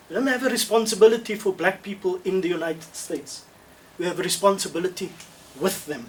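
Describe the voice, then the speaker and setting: A man answers questions on a video call, his voice sitting fairly high for a man. He reasons aloud in measured steps, restarting phrases and repeating key points for emphasis. The mic sounds a bit distant, with a faint hiss behind him. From South Africa. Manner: measured, thoughtful, with frequent restarts and emphatic repetition. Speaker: webinar speaker answering questions. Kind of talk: Q&A answers in an online webinar.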